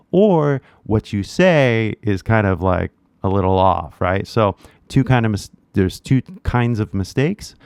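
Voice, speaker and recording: A man's voice: medium pitch, darkish tone, smooth, dry recording. A man with a Californian accent teaching English in a casual, slangy way, often checking in with "right?". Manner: laid-back slangy talk, keeps tagging "right?". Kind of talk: casual spoken lesson.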